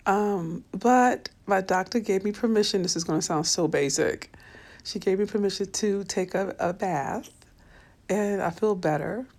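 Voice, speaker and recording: A weary woman chats with her viewers on a live stream, her voice slow and a bit gravelly. She sounds low on energy and a little weepy, speaking softly from her bed at home. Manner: soft and tired, weepy, talks to viewers by name. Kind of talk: casual live-stream chat. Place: bedroom at home.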